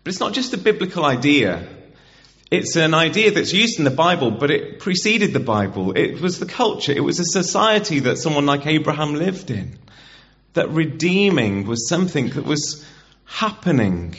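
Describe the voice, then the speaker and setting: A man's voice: fairly high pitch, very animated, normal speed, fairly bright tone. A man preaching a conversational sermon in a church, getting the congregation to repeat words back to him. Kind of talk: interactive sermon. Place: church hall. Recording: dull, muffled church recording.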